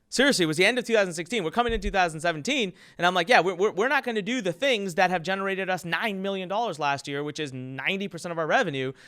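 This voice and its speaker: A man with a fairly high voice delivers a motivational talk on business, emphatic and full of energy. He punches key words and tells his stories with lively drive. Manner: emphatic and energetic, acts out quotes. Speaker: entrepreneur giving business advice.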